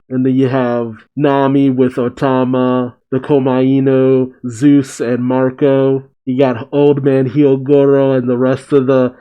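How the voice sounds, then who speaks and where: A man's voice: medium pitch, little pitch movement, takes it slowly, hardly any pauses, clear, resonant tone, muffled recording. A man casually recapping a comic chapter as a reaction host, swearing and reacting with feeling. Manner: casual, swears, emotional asides.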